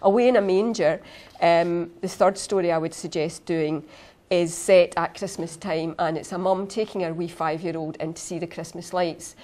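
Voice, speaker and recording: A woman's voice: fairly low pitch, darkish tone. A middle-aged Scottish woman, an author giving an informal conference talk to teachers, chatty and full of fillers and restarts.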